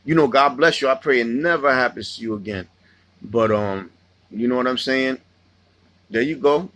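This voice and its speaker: A man's voice: mid-range voice, normal speed, a bit bright, no room sound. A man hosting a casual livestream, rambling and swearing freely as he tells stories and answers chat. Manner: loose, profane, rambling storytelling. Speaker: livestream host reading chat.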